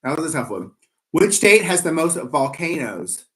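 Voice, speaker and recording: A man's voice: on the high side, very animated, moderate pace, a bit bright, soft background music. A man hosting a live trivia game, playful and rambling, teasing himself in asides between questions.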